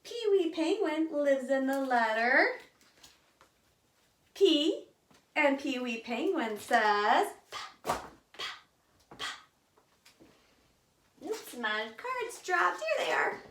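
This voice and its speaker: Woman leading a children's phonics lesson, encouraging and sing-song, slow unhurried delivery. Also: high-pitched, big pitch swings, fairly bright tone, reverberant, slight background noise. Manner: sing-song and encouraging, modeling letter sounds. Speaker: early literacy teacher.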